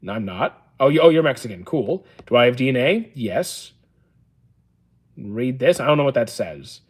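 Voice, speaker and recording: A man in his thirties answers viewer questions on a casual livestream. He keeps a calm, level, matter-of-fact tone, dry rather than excitable, and often pauses on an "uh" before replying. His voice sits at an ordinary middle pitch for a man. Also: slightly rough. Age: 30s. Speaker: livestream host. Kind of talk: casual livestream Q&A reading chat.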